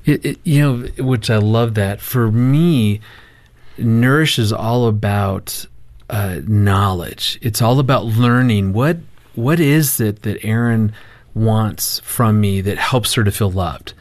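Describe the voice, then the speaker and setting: A man with a lowish voice shares a personal story in a casual conversation. He tells it with animation and acts out the quoted dialogue. The recording is dry and close. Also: slow pace, a little mellow, no echo. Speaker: marriage counselor and guest.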